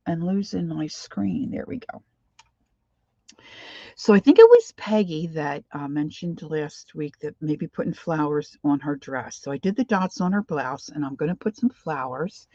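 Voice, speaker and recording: A woman's voice: low voice, animated, measured pace, mellow, no room sound, dull audio. An older woman with a Philadelphia accent, chatting casually on a craft livestream and greeting viewers by name. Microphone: desk microphone.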